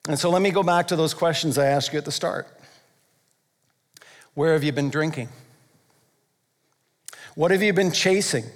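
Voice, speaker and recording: High-voiced man preaching in a reverberant hall. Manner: emphatic, repetitive, dramatic slowing on key phrases. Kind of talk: sermon.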